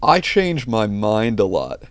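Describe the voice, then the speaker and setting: A man's voice: fairly low pitch, huge pitch swings, takes it slowly, smooth, dry recording. A man hosting a video reaction chat, blunt and ranting, swearing often as he talks. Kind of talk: casual profane chat.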